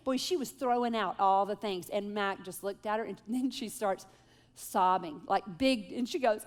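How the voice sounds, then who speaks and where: A woman in her forties speaking to a moms' group, telling stories in an animated, self-deprecating way and leading a prayer. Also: medium pitch, normal speed. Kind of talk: live talk with prayer and storytelling. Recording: long hall reverb.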